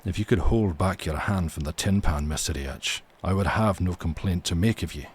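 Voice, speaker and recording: A man's voice: deep voice, moderate pace, husky. A man voicing a stern, dour ship captain.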